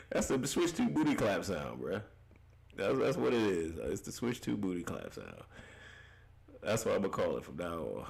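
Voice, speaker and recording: A man's voice: sits low, huge pitch swings, moderate pace, creaky, over music. A young man hosting a casual gaming livestream, reading chat comments aloud, loose and profane, laughing often and repeating himself.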